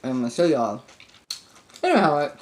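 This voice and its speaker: A woman's voice: sits low, big pitch swings, a little fast. A woman hosting an eating show, chatting casually to viewers between bites and humming over her food. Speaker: mukbang host.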